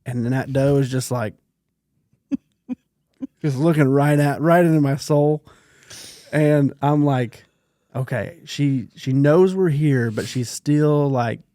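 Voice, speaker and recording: A man's voice: medium pitch, slow pace, pauses often, no room sound. A man co-hosting a podcast, telling stories in casual chat and acting out the quotes, sometimes dropping to a whisper. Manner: animated storyteller, acts out quotes, drops to a whisper. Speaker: podcast co-host.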